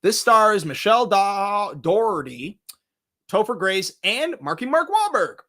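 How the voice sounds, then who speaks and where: Excitable high-voiced man hosting movie reviews. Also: a little slow. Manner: excitable, swings between loud bursts and low asides, swears casually. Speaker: movie review show host. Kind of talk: casual livestream movie countdown.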